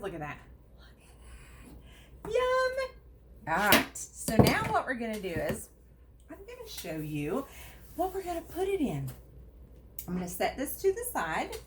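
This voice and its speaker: Middle-aged woman, bouncy animated pitch, chatty host demo, faint room noise. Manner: chatty, upbeat, lively pitch. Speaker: product demonstrator. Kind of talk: casual product demo.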